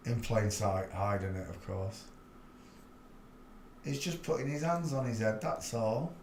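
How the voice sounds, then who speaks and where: A man with a fairly low, slightly mellow voice speaks expressively at a measured pace as he hosts a livestream. His casual commentary wanders, stays frank and talkative, and he laughs at his own jokes. The recording carries a little hiss or hum and a roomy echo.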